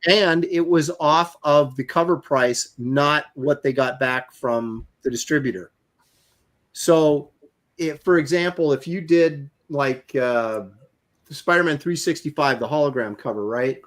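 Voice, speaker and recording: A man's voice: on the high side, a little slow. A middle-aged man, a comic artist co-hosting a podcast, telling stories in a rambling, casual way with many fillers and restarts. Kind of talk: casual storytelling chat.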